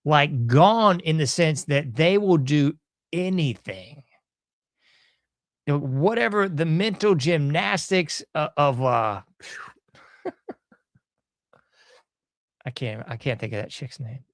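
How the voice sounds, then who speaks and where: Sarcastic folksy podcast guy, slightly high voice, dry close sound. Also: lively intonation, unhurried, pauses often, no echo. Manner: folksy, sarcastic, chuckles often. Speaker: podcast host. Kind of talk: casual political commentary.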